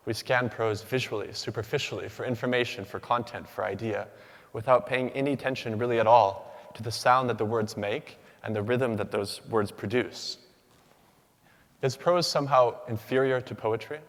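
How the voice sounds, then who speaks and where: A man giving a rehearsed academic talk from a stage, with rhythmic, measured delivery and deliberate pauses. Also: medium pitch. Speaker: doctoral student speaker. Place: large hall. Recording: long hall reverb.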